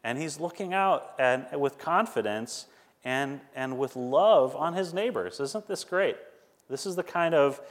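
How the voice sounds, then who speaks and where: A man preaching a sermon, earnest and conversational, growing fervent as he reads scripture aloud. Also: medium pitch. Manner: earnest, rising to fervent when reading scripture. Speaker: pastor. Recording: long hall reverb.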